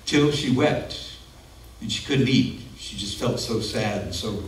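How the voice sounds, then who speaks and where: A man's voice: lowish voice, a little slow. Earnest man preaching in an echoey church. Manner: earnest, conversational preaching with personal asides. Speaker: pastor. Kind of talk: sermon. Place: church sanctuary. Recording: echoey room, mic at a distance.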